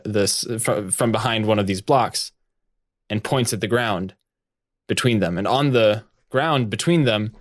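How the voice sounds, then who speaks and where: A man's voice: lowish voice, no echo, studio quality. A man hosting a podcast, narrating an improvised story in a chatty, giggly way with many fillers.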